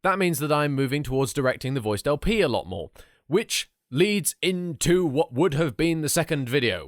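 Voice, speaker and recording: Man, vlog host, wry asides, lively swooping pitch, dry close sound. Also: moderate pace, no room sound. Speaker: YouTuber. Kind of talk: casual vlog update.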